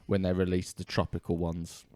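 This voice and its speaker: A man co-hosting a casual podcast, jokey and quick to swear. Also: deep voice, monotone, warm tone, no echo, clean studio sound. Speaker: podcast co-host. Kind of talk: casual chat.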